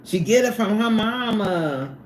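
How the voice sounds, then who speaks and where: A woman hosting a casual livestream from her workplace on a lunch break, reading out chat and laughing often in an animated way. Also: a little slow, reverberant, background noise. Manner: animated, laughs often, swoops up high when excited.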